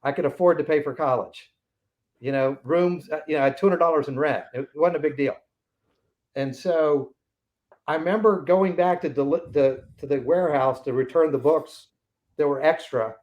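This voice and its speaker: A man's voice: fairly high pitch, normal speed, lo-fi sound. A man in his sixties, a podcast guest, telling anecdotes in a casual interview and acting out the voices of the people in them.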